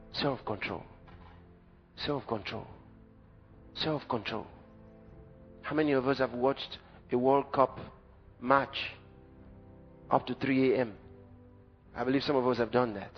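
A man preaching a sermon in an emphatic, dramatic way, rising at times to a shout. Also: medium pitch, moderate pace, pauses often. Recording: dull lo-fi recording in a reverberant hall with faint music.

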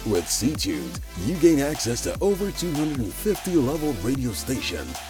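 A male announcer reads a scripted radio promo in an upbeat, salesy manner. His pitch is very animated and sits in a middle range. Clear music plays under the voice-over. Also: moderate pace.

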